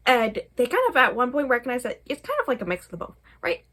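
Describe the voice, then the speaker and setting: A woman's voice: a little high, big pitch swings, quick pace, fairly bright tone. Chatty young woman reviewing books. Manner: rambling, chatty, many fillers, laughs often. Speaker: book vlogger. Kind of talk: casual book review vlog.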